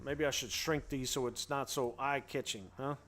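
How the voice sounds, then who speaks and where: A man's voice: mid-range voice, fairly even intonation, moderate pace, fairly bright tone. A man hosting a casual trading livestream, upbeat and playful with slangy banter while he greets viewers. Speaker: host.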